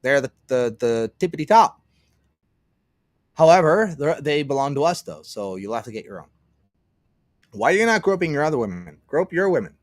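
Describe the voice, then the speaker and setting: A man's voice: on the high side, sing-song, normal speed, long pauses, no room sound. A man from Canada hosting a casual solo livestream, rambling and sarcastic, muttering to himself between remarks. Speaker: livestream host.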